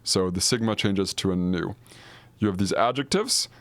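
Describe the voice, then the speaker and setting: Man, professor, casual video lecture, deep voice, dry close sound, lots of fillers. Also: normal speed, fairly bright tone, no echo. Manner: casual, filler-heavy explaining with frequent restarts. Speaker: Greek professor.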